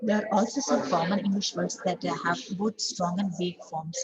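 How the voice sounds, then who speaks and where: A woman's voice: on the low side, fairly even intonation, moderate pace, lo-fi sound, over a noisy crowd. A woman teaching an online English class, explaining step by step, often saying 'okay, so' and repeating example sentences aloud.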